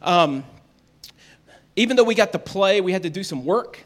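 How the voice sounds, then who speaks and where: Brief: middle-aged man, high-pitched voice, folksy storyteller, self-deprecating. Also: animated, moderate pace. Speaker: speaker telling a family story to an audience. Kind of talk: animated storytelling talk.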